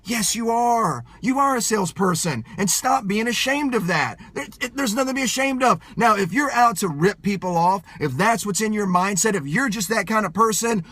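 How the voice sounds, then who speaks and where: Loud, fired-up man with a bright, high voice. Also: lively intonation, moderate pace, hardly any pauses, breathy edge, no room sound. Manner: loud, yelling, emphatic, punchy repetition. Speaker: sales motivational speaker. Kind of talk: fired-up motivational pep talk.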